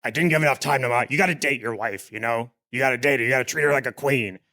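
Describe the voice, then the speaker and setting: A man voicing a glum, soft-spoken middle-aged husband who avoids hard talks. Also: mid-range voice, fast, pitched below the performer's own voice, natural voice. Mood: sheepish.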